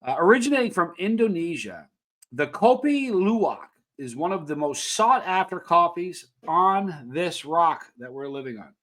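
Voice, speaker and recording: A man's voice: fairly high pitch, big pitch swings, normal speed, fairly bright tone. A man hosting a casual countdown show, reading facts with playful asides and questions to viewers. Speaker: channel host.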